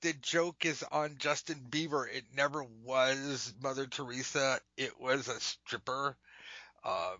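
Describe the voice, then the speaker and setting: A man's voice: medium pitch, a little slow, bright, forceful tone, no echo, dull audio. A man co-hosting a podcast, improvising silly stories, laughing often and breaking into goofy voices. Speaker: podcast co-host. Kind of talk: improvised comic storytelling game.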